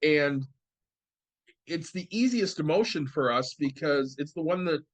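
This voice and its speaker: Calm, reflective man, dry sound. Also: a little high, a little slow, dry recording. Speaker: podcast co-host. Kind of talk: casual chat. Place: podcast studio.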